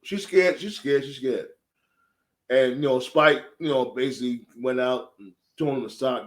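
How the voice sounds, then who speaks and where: A man giving a casual, animated, profane recap of a show, full of slang. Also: medium pitch, moderate pace. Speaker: show reviewer.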